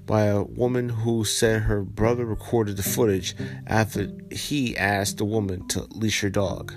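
Low-voiced man, blunt podcast host. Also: steady tone, unhurried, music in the background. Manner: blunt and profane, heated when ranting. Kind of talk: reading a news story aloud, then ranting commentary.

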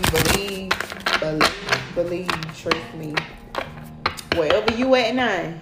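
Blunt, profane woman in an echoey room. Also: lowish voice. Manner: profane, blunt and preachy, heavy swearing and repeated "okay?" and "period". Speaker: tarot reader addressing her followers. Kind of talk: casual spiritual tarot reading.

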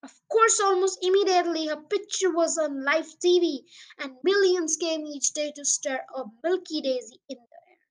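A woman's voice: very high-pitched, moderate pace, rough recording. A young girl hosting her own podcast, reading a children's poem aloud in an eager, sing-song way. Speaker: podcast host and reader.

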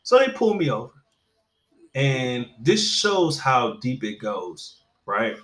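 A man's voice: medium pitch, slow pace. A man casually telling a story in conversation, swearing freely and stumbling over restarts. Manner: animated, profane, stammering restarts. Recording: echoey room.

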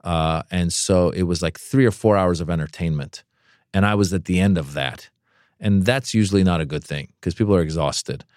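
A comedian, a man, telling a story in a lowish voice, recorded close and dry. He is animated and acts out the people in the story, with sudden jumps up into high, excited voices. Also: moderate pace, no echo. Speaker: comedian guest. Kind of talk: casual storytelling interview.

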